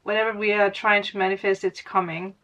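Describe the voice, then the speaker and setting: A woman's voice: medium pitch, little pitch movement, brisk, fairly bright tone. A woman giving a casual spiritual reading as a tarot reader, rambling, laughing often and correcting her own words. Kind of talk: casual spiritual guidance monologue.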